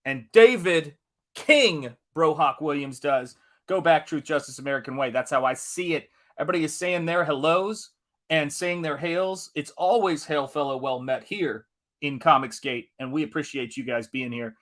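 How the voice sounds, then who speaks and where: A man's voice: a little high, moderate pace, fairly bright tone. A man hosting a live art stream in a casual, upbeat way, greeting chat viewers one by one. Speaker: livestream host.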